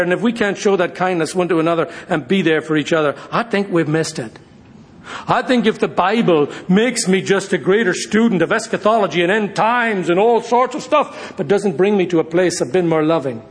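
High-voiced lively preacher. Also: male voice. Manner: lively preaching, shifting between quick asides and slow emphasis. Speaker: pastor. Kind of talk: sermon.

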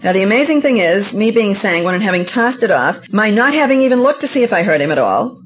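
A middle-aged woman giving a seminar talk, telling personal stories in an animated, self-mocking and emphatic way. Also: medium pitch, fast. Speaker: seminar speaker. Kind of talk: lecture with personal anecdotes. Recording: dull lo-fi recording.

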